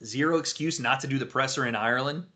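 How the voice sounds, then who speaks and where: A man hosting a livestream watch party, chatting casually and excitably, swearing freely as he reacts. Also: mid-range voice, fast talker. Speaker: livestream host.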